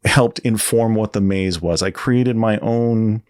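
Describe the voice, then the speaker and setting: Low-voiced man telling a story. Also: unhurried, darkish tone, clear, resonant tone. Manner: rambling, self-correcting storyteller. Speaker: guest creative designer. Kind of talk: casual interview.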